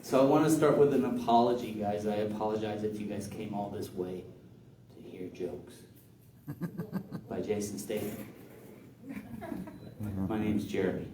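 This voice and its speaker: A man's voice: fairly low pitch, fairly even intonation, normal speed, pauses often, warm tone, a little hiss or hum. A man doing stand-up with dry, self-deprecating banter aimed at the crowd. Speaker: stand-up comedian. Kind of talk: stand-up set. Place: comedy club room. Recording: roomy club sound from far off.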